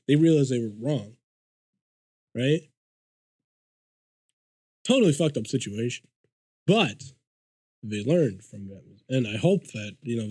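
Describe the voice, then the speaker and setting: A man's voice: mid-range voice, dry recording. A man telling a story in casual podcast chat, swearing freely and acting out what people said. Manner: profane, animated storyteller acting out quotes. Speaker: podcast guest.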